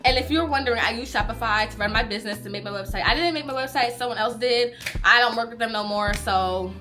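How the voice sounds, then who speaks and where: A woman's voice: a little high, fast, sharp tone, soft background music. A woman, talking casually and candidly to camera in a warehouse, a bit out of breath. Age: 20s. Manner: chatty, candid and swearing. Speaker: small business owner and vlogger. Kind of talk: casual vlog talk to camera. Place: warehouse space, indoors. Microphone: handheld phone camera.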